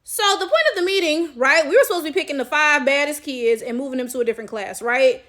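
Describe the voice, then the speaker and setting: A woman's voice: high-pitched, fast, fairly bright tone. A woman vlogger and chess coach telling a story to her viewers in a casual, emphatic way, swearing freely and often checking in with "right?".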